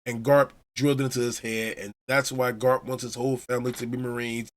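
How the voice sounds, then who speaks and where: A man's voice: mid-range voice, level tone, a little fast. Chicago guy on a podcast, hyped recap of a manga chapter, regular mid voice. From Chicago, USA. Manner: enthusiastic storyteller retelling scenes. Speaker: podcast host.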